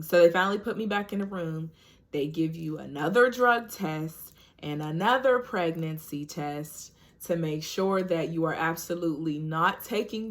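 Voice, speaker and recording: A woman vlogger telling a personal story to camera in a chatty, casual way, full of "like" and "you know," talking straight to her viewers. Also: sits low.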